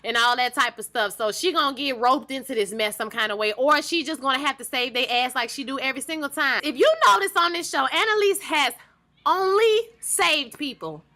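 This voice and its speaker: High, bright-voiced woman recapping a show. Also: brisk. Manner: animated, emphatic, talks straight to viewers. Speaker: TV recap vlogger. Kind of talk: casual recap chat.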